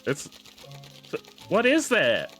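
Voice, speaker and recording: A man streaming a video game, talking casually with his viewers, excitable and swearing freely as he plays. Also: high-pitched, drawn-out words, soft background music. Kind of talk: casual livestream commentary while gaming.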